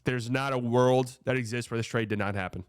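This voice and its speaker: A man's voice: medium pitch, fairly even intonation, a little fast, clean tone, no echo, clean studio sound. A man hosting a casual sports reaction show, talking in a loose, profane, rambling way.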